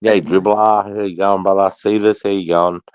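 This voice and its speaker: A man's voice: deep voice, steady tone, normal speed, darkish tone, smooth, no echo. A man hosting a live stream, chatting casually, greeting viewers and swearing freely. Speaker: livestream host.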